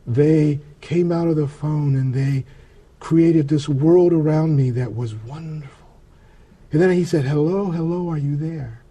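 Male interview guest, earnest testimony, halting with restarts, mellow tone, a bit high. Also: slightly rough. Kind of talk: personal testimony storytelling.

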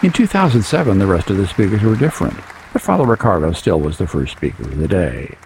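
A man's voice: deep voice, big pitch swings, vocal fry, a little mellow, some chatter behind, a little hiss or hum. A man announcing and introducing the next talk on a religious program. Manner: measured introductory delivery. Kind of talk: scripted radio introduction.

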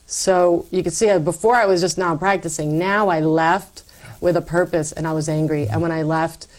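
A woman guest telling her faith story in an interview, animated and acting out her past self. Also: on the low side, moderate pace. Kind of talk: personal faith testimony.

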